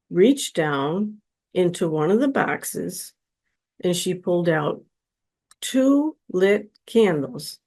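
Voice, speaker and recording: A woman guest on a podcast, telling a personal story in a slow, earnest, heartfelt way. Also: lowish voice, a little mellow.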